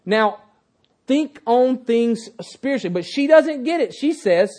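High-pitched male preacher, emphatic sermon delivery, questions the congregation. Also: animated, unhurried, darkish tone. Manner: emphatic, repeats key phrases.

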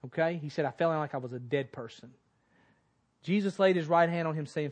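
Guy preaching, pretty high voice, gets fired up then goes soft and low. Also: fairly quick. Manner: impassioned, rising to emphatic peaks then dropping low. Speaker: pastor. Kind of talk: sermon.

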